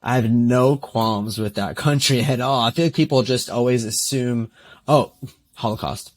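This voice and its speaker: A man's voice: medium pitch, moderate pace. A man hosting a casual podcast, easygoing and agreeable. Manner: easygoing, lots of short agreeing replies and laughs. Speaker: podcast host.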